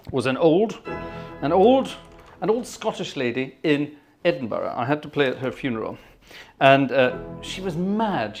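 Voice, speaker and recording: Man, organist host, casual chat, anecdotal, thanks viewers, medium pitch. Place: at home.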